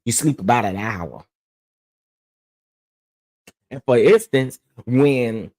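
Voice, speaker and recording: A man's voice: medium pitch, dark tone. A man hosting his own commentary channel, ranting bluntly and emphatically and repeating phrases to press his point.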